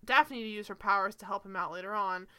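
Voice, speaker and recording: A woman co-hosting a casual show recap, animated and sarcastic, swearing and laughing often. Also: mid-range voice, quick pace, smooth. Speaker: podcast co-host.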